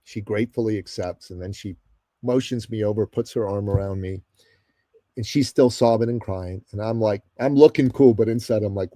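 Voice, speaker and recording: Emphatic storytelling man, dark dry voice. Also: lowish voice, no room sound. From Middle East. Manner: emphatic, addresses the host often, dramatic pauses. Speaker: guest. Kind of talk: animated storytelling in a podcast interview.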